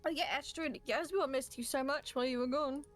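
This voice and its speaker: A woman's voice: sits high, brisk, faint music behind. A woman playing a tabletop role-playing game, chatting playfully and giggling. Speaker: player. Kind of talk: casual tabletop role-play chat.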